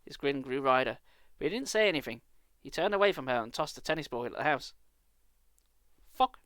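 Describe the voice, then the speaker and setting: A man's voice: mid-range voice, expressive, a little fast, fairly bright tone, no echo. A British man reading a children's book aloud live, with dry, sarcastic asides. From Britain.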